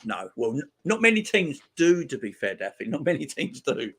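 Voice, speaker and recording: A man's voice: very animated, normal speed, slightly rough. A man hosting a live football watchalong, giving casual commentary and chatting back to viewer comments. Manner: reacts loudly to chances on the pitch. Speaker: watchalong host.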